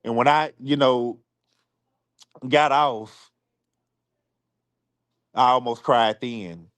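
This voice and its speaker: A man on a live stream apologizing to his supporters. He is close to tears, speaks haltingly, and often repeats himself or restarts his sentences. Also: medium pitch, steady tone, a bit bright, clean tone, no echo.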